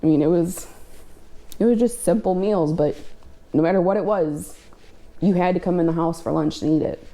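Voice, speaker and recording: Chatty young woman with a mellow voice. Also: on the low side, normal speed, pauses often. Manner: chatty, full of fillers. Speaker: vlog guest, the host's sister. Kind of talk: casual chat. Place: indoors in a family house.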